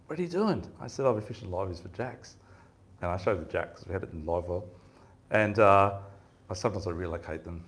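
A man giving a fishing seminar, telling rambling stories in a casual chatty way and laughing often. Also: on the low side. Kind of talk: casual storytelling talk. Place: seminar room with audience.

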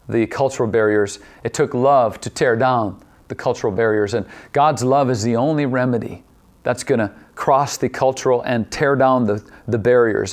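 A man preaching a sermon as pastor, repeating key phrases and asking the same question again and again, slowing down to stretch out certain words. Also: medium pitch. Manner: poses repeated rhetorical questions; shifts pace, drawing some words out.

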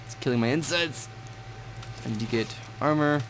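A young man casually commentating a shooter game, swearing and shouting at enemies as he plays. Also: mid-range voice, moderate pace. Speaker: gameplay commentator. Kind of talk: casual gaming chat. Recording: game audio behind with clear gunfire noise.

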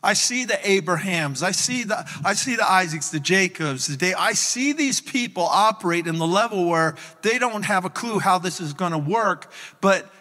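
A man preaching a sermon as pastor, animated in his storytelling. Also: sits high, moderate pace, in a large hall. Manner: animated storytelling, acts out his own reactions. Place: church sanctuary.

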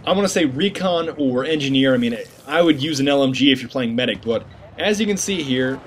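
A man's voice: mid-range voice, slight background noise. A man giving casual gameplay commentary, joking and rambling in slang with mock-serious asides.

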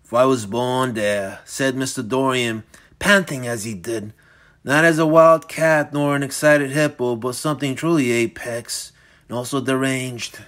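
A man's voice: medium pitch, measured pace, fairly bright tone. Man narrating a gritty crime thriller. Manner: intense, gritty storytelling. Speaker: author reading his own novel. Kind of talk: dramatic audiobook narration.

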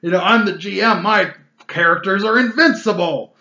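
A man's voice: high voice, normal speed, bright, forceful tone, pitched above the performer's own voice. A man mimicking a smug, boastful male game master, his tone mocking and self-satisfied, recorded in an echoey room with a dull, lo-fi sound. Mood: gloating.

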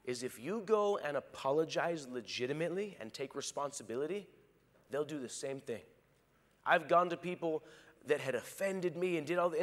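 A male pastor preaching a sermon, animated, acting out quoted lines. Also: on the high side, long reverb tail. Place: large church hall.

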